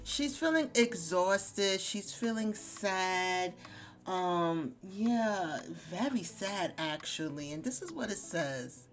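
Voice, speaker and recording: A woman's voice: medium pitch, expressive, slow pace, soft background music. A woman hosting a let's play, chatty in casual commentary, speaking to her viewers. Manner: chatty, addresses viewers as guys.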